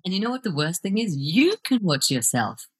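Low, husky-voiced woman coach. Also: very animated, a little fast. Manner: reflective, earnest, laughs easily. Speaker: guest, video coach and author. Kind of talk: podcast interview.

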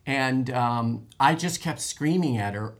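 A man's voice: mid-range voice, takes it slowly. Rambling self-mocking man telling a story. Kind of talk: anecdote in casual group chat.

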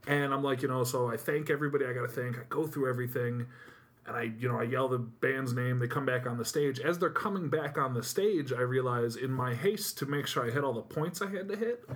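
Casting note: male co-host with an Upstate New York accent, rapid and animated anecdote teller. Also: mid-range voice. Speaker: podcast co-host. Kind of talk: casual chat.

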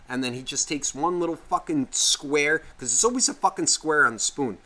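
A man co-hosting a podcast, ranting with constant swearing and sudden loud outbursts. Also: on the high side, a little fast, hardly any pauses. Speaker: podcast co-host. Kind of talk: casual podcast rant.

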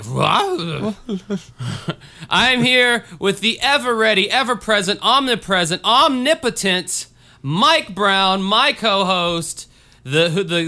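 High, bright-voiced joking podcast host. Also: male voice, expressive, slow pace. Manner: joking, rambling, self-mocking. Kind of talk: casual podcast chat.

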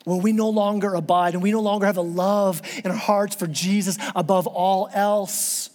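Impassioned high-voiced male pastor preaching. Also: steady tone, moderate pace, a little mellow, in a large hall. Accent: Southern American. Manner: impassioned, repeats words in restarts. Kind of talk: sermon.

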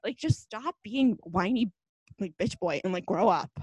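A woman's voice: medium pitch, expressive, moderate pace, husky, no echo, low-quality recording. A young woman co-hosting a podcast, ranting in a fired-up, casual way, full of "like.". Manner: fired-up, ranting, heavy use of "like". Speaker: podcast co-host.

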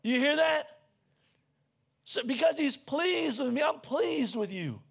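Gravelly, high-pitched preaching man. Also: expressive, slow pace. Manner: earnest, conversational preaching with repeated restarts; raises his voice to near shouting when stirred. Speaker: pastor. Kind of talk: sermon.

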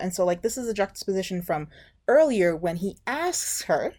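A woman's voice: medium pitch, normal speed. A woman co-hosting a podcast, casually retelling a reality show episode and acting out what people said. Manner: animated retelling, acting out quotes. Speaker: podcast co-host.

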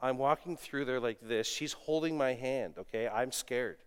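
A middle-aged man preaching a sermon, animated, moving between loud exclamations and quiet asides, telling stories with self-deprecating humor. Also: medium pitch, normal speed, clean tone. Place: church sanctuary. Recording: long reverb of a church hall.

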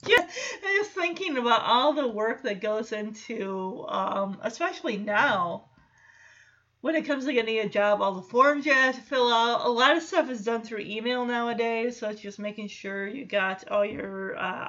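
A woman casually recapping a show episode, animated and often laughing, acting out the characters in quick asides. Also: fairly high pitch. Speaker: recap commentator. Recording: lo-fi muffled audio.

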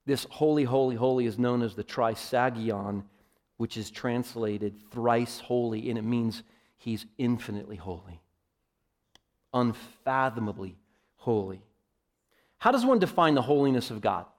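A man preaching a sermon, emphatic, often calling his listeners "folks" and swinging from loud declarations to quiet, low asides. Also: animated, a little slow. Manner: emphatic, varies loudness widely, addresses listeners as folks.

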